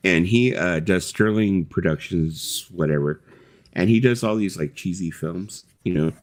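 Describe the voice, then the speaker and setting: Man, very low voice, middle-aged host, rambling casual storytelling, lots of "like" and "you know". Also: measured pace. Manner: rambling storytelling with many fillers and swearing. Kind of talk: casual live chat.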